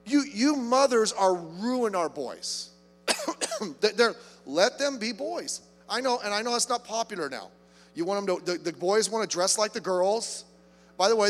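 Emphatic preacher man, high voice. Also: fairly bright tone, in a large hall. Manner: emphatic, repeats words when starting phrases. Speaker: pastor. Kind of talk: sermon.

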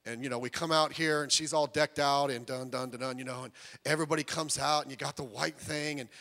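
A man preaching a sermon, telling jokey, animated stories that build up to loud emphasis. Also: mid-range voice, fast talker, vocal fry, long reverb tail. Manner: animated storytelling with jokes, rising to loud emphasis. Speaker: pastor.

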